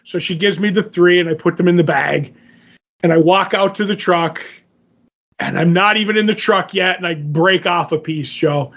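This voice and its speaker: A man's voice: high-pitched, moderate pace, a bit bright, dull audio. A man co-hosting a podcast, telling a long rambling anecdote in casual chat and acting out his own quotes. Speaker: podcast co-host.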